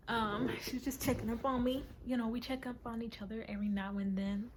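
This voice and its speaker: A woman's voice: a little high, steady tone, a little fast, slight background noise. Chatty young woman vlogging on her phone. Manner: chatty, playful, self-teasing, drops into whispers. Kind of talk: casual vlog chat.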